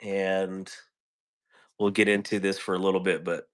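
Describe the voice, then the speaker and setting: Chatty, joking man with a lowish voice. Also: flat delivery, measured pace, a bit bright. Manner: chatty and joking, rambling asides. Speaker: live-stream host. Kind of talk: casual live-stream chat, greeting viewers. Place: home. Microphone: phone.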